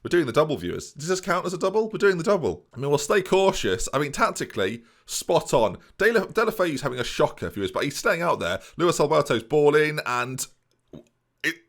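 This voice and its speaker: A man doing excitable let's play commentary, talking straight to his viewers with mock-boastful swagger. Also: on the high side, a little fast. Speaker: gaming YouTuber.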